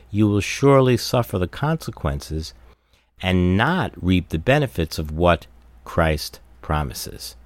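A man's voice: low-pitched, no room sound. A man giving a recorded Bible study talk, explaining verses steadily and stressing key words. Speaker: Bible teacher.

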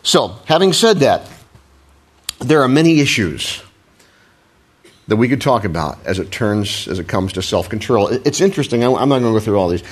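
A middle-aged man preaching a sermon in a relaxed, conversational way, often restarting phrases and joking about himself. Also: fairly low pitch, normal speed. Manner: conversational, self-deprecating, frequent restarts. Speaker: pastor.

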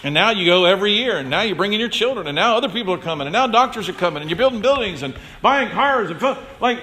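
Bright high-voiced male pastor preaching. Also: expressive, fast talker, few pauses, slight background noise. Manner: conversational, addresses congregation members by name; acts out quoted voices with big pitch swings. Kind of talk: sermon.

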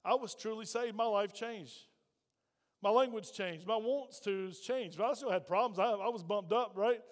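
A man's voice: sits high, normal speed, long reverb tail. A middle-aged male pastor preaching a sermon in a folksy, direct way, calling on the congregation to answer. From Virginia. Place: church sanctuary.

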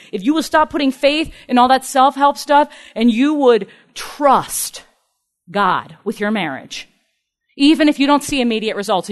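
A woman preaching a sermon in an earnest, emphatic way, acting out the people in her stories. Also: sits high. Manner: earnest, emphatic, acts out quoted speakers.

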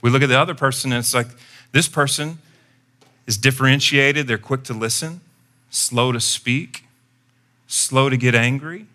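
A man's voice: mid-range voice, moderate pace, long pauses. A man preaching a sermon as pastor, telling a personal story in a conversational way and acting out his own lines. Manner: conversational storytelling, animated when quoting himself.

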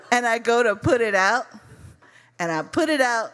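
A woman from Chicago telling a personal story to listeners, loose and profane. Her voice sits fairly high and leaps all over the place. She talks straight to them and calls them y'all. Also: lively intonation, moderate pace, fairly bright tone, a little hiss or hum.

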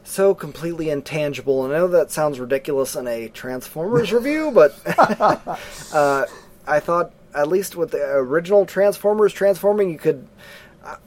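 Guy ranting about a movie with his co-host, kinda high voice, goofy and sarcastic. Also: normal speed, a little hiss or hum. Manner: animated, mocking, acts out quotes. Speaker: podcast co-host. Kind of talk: casual movie review chat.

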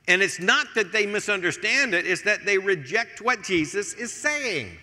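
An older American man preaches with a lively, rising-and-falling delivery, dropping low and quiet, then pressing hard on his points. His bright, forceful voice rings through the long reverb of a large church hall. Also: normal speed, hardly any pauses. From United States. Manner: animated, swings from hushed to emphatic. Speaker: pastor. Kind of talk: sermon.

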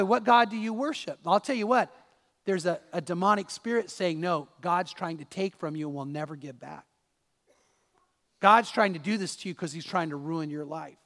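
A pastor preaches with a fairly high voice, firing rhetorical questions at his congregation. The man's voice rings out in a church sanctuary with a long trailing reverb. His delivery is emphatic and direct. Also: fairly bright tone. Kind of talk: sermon.

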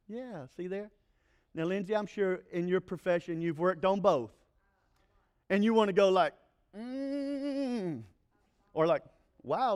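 A male pastor preaching a sermon, animated and playful, with joking asides to the congregation. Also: high voice.

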